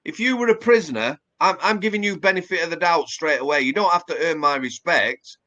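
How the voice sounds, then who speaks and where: On a muffled recording, a former prison officer from Yorkshire, England, talks a little fast in a fairly high, sharp-toned voice. His casual interview chat is plain-spoken, with a Yorkshire English accent and lots of fillers and restarts.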